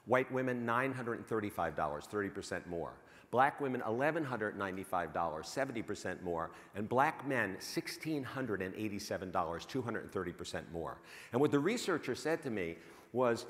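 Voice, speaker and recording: A man giving a lively conference keynote, asking the audience questions and correcting himself as he goes. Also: lowish voice, brisk. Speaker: keynote speaker on bias. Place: large conference hall. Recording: hall reverb from a stage mic.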